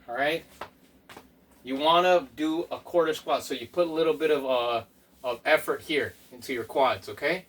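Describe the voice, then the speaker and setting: A man leading a home workout as a fitness instructor, counting reps aloud and giving slow, step-by-step tips. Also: on the high side, husky. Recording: voice from a distance off the mic.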